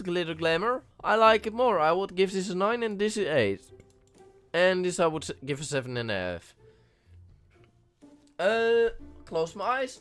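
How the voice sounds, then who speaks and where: A man reading a story game aloud and commenting on it, rambling and hesitant while he sounds sick and hoarse. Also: fairly high pitch, a bit bright. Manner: rambling, hesitant, with many restarts and fillers. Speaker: gaming YouTuber playing a story game.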